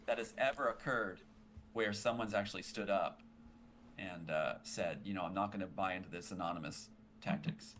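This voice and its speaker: A man's voice: low-pitched, normal speed, fairly bright tone, slight background noise. A man in casual chat on a played-back clip, rambling with fillers and repeated phrases.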